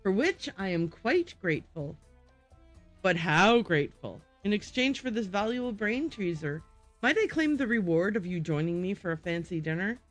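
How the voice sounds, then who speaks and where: A woman's voice: mid-range voice, very animated, moderate pace, faint music behind, lightly acted. Woman reading as a courtly flirt. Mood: flirtatious.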